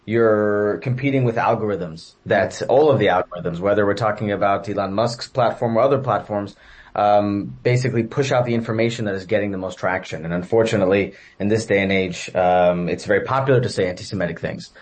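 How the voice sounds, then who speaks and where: A man with a fairly low voice answers interview questions as an educator. He lays out his points in order and pauses often with uh and um. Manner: measured, many fillers. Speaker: guest commentator, educator.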